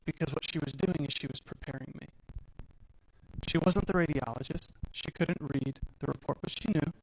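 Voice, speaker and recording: A man's voice: a little high, moderate pace, low-quality recording. Candid man telling his story. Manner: candid, self-deprecating, acts out dialogue. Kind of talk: personal storytelling talk on stage.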